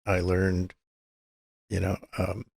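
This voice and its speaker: An older man with a low, heavily gravelly voice tells long stories as an interview guest. He acts out what the people in his stories said, and his husky voice sounds dry and close to the mic. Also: monotone, slow, darkish tone, dry recording. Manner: anecdotal, acts out quoted dialogue. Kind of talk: storytelling interview.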